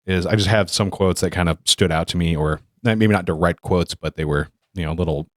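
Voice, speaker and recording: Man, low voice, casual podcast talk, rambling, self-correcting, dry close mic. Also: brisk, dry recording.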